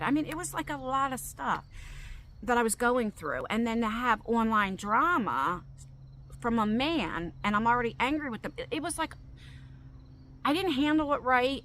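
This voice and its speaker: Middle-aged woman with a bright voice, speaking openly and emotionally to her subscribers, stumbling over her words. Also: fairly high pitch, a little hiss or hum, poor audio. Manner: open, emotional, rambling with restarts. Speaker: vlogger. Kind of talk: emotional personal vlog.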